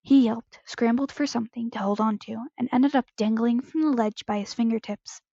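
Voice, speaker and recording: A woman's voice: fairly high pitch, moderate pace, gravelly, mellow, no echo. A woman reading fan fiction aloud in an unpolished way, stumbling and correcting herself, on a close home microphone with a slightly dull, lo-fi sound. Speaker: podfic reader.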